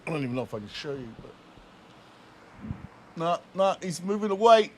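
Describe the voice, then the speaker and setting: A man's voice: sits high, lively intonation, racing, a little mellow, a little hiss or hum. A young man casually commenting on his game during a livestream, laughing often and swearing freely. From New Zealand. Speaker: streamer.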